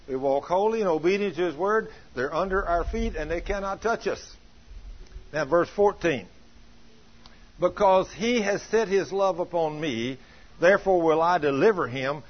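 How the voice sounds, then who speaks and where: Male preacher, husky, lightly raised pitch, earnest sermon storytelling. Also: muffled recording. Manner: earnest storytelling, quoting scripture.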